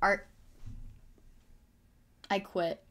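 A woman livestreaming gameplay, reacting excitedly and swinging from low mutters to loud shrieks. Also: very slow. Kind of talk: gameplay commentary.

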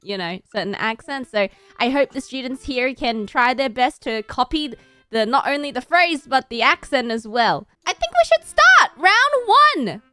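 High-voiced woman hosting. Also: sing-song, pushed and bright, no room sound. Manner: brisk, laughing, explains rules loosely. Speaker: host of a party game. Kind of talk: casual stream chat.

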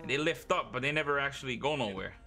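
A man's voice: mid-range voice, fast talker, a crowd in the background. A young man streaming a game live, chatting casually and profanely with his viewers and a teammate. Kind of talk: live gaming stream chat.

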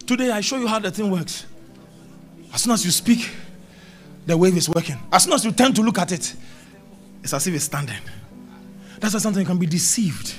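Middle-aged male pastor, high and very lively pitch, emphatic repetitive sermon delivery with scripture quotes. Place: church service.

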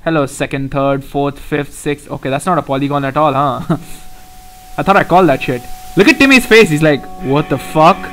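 A young man hosting a let's play, reacting excitably and profanely to a puzzle game as he plays. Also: on the high side, moderate pace, a little hiss or hum. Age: young adult. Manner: excitable, profane, often laughing. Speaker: gaming channel host.

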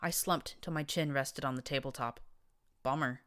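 Low-voiced woman reading a story. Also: steady tone, normal speed, fairly bright tone. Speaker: audiobook narrator. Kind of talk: first-person fiction reading.

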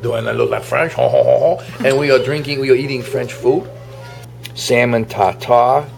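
A man hosting a jokey comedy video over dinner in a restaurant, playful and quick to laugh at his own gags. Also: mid-range voice, fairly even intonation, gravelly. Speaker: comic host. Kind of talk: joking restaurant vlog. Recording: music playing behind.

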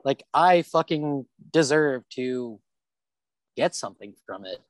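A man's voice: medium pitch, lively intonation, slow pace, no echo. A man talking as a podcast guest, blunt and heavy on swearing and fillers, recorded on a porch. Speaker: interview guest, rollerblader. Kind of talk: casual podcast interview. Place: porch in Kansas City.

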